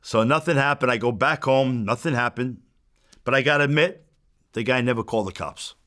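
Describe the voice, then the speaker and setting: A man's voice: medium pitch, a little fast, a bit bright. A man as an interview guest, telling a story bluntly with plenty of swearing and re-enacted back-and-forth. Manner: blunt, profane, re-enacts exchanges as he tells them.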